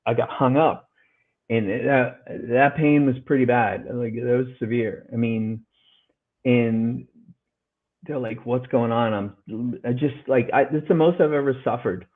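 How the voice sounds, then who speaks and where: Earnest and a little slow, a middle-aged man with a mid-range voice is a guest on a podcast, retelling a hard story. He acts out what people said, raising his voice for their lines, and the recording sounds like a phone line.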